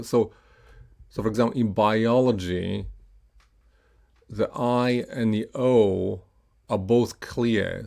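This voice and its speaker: Man teaching pronunciation, low gravelly voice, slow and patient, models words for repetition. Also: a little mellow. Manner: slow, patient, with frequent "uh" and "right?" checks; models words slowly for learners to repeat. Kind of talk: classroom pronunciation lesson.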